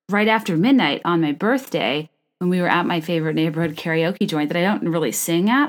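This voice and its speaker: A woman hosting a podcast, talking in a chatty, rambling way with self-deprecating humor. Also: on the low side. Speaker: podcast host. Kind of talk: casual chat.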